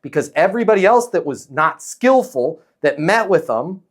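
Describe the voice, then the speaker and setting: A man coaching a live audience on sales, energetic and direct, repeating his key lines. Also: on the high side, normal speed. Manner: energetic, acts out sales calls.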